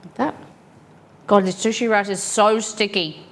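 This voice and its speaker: A woman's voice: medium pitch, steady tone, a little slow. Chatty woman cooking on stream. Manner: chatty, answers chat while rolling food. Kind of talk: casual cooking livestream chat.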